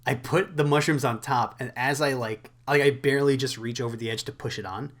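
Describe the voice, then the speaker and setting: A man's voice: mid-range voice, brisk. Laid-back young man telling a rambling story. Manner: rambling, laughing, profane storytelling. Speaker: podcast co-host. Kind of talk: casual chat.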